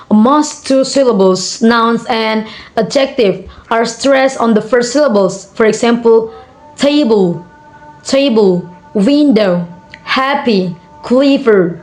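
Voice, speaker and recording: A young woman reads out a class assignment, moving at an unhurried, halting pace. Her voice sits a little on the high side. She pauses often on fillers and says example words more than once. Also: soft background music. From Indonesia. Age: young adult. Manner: hesitant, frequent fillers and repeated example words. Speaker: university student. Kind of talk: reading a class assignment on word stress.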